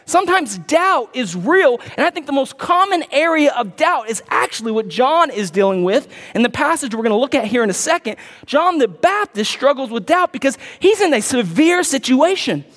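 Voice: sits high, very animated, normal speed, few pauses, fairly bright tone, long reverb tail. A pastor preaching a sermon in a conversational way, reading scripture aloud and adding casual asides to the congregation.

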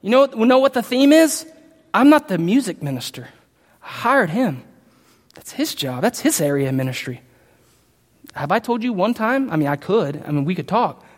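A man preaching a sermon as pastor, emphatic, with loud outbursts and quiet asides. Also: high-pitched, sing-song, moderate pace. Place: church sanctuary. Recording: long hall reverb.

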